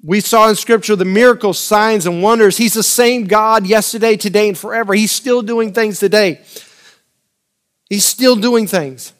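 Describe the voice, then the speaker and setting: Male preacher, high-pitched, dramatic loud-soft delivery, repeats key phrases. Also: normal speed. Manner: dramatic swings between loud urgent lines and quiet intimate asides. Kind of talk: sermon.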